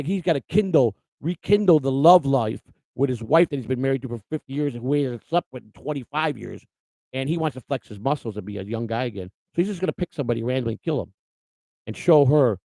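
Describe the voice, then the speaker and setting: A man hosting a livestream, talking in a loose, blunt ramble that keeps restarting sentences. His voice has a gravelly fry at a middling pitch. The sound is close and dry. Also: expressive, quick pace, dark tone, dry recording, rough recording. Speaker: host. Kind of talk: casual livestream monologue.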